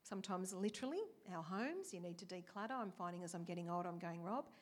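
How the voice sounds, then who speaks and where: A woman's voice: lowish voice, lively intonation, fast. Woman w/ giving a casual chatty sermon, lots of stories and questions. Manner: chatty, asks the congregation questions, acts out quotes. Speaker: preacher. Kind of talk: conversational sermon with storytelling.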